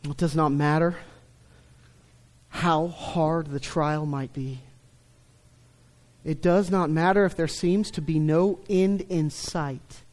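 A middle-aged man preaching a sermon, stressing key words loudly and then dropping to a hush. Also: fairly high pitch, fairly even intonation, slow pace, pauses often. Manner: emphatic, swings between loud stresses and hushed lines. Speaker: pastor.

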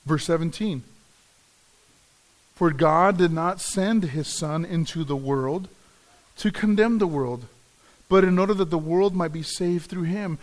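A man's voice: fairly high pitch, unhurried, long pauses. A man preaching a sermon, earnest, often repeating words as he restarts a phrase. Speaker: pastor.

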